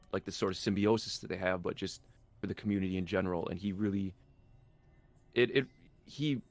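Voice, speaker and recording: A man playing a tabletop role-playing game, describing his character's actions in a halting way, restarting and thinking aloud as he goes. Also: low voice, gravelly. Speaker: player.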